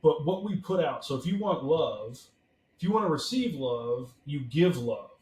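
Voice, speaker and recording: A man's voice: fairly high pitch, animated, moderate pace, darkish tone, roomy sound, low-quality recording. A man being interviewed as a podcast guest, explaining his ideas earnestly and stressing his points by repeating phrases. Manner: emphatic, builds points through repeated phrases.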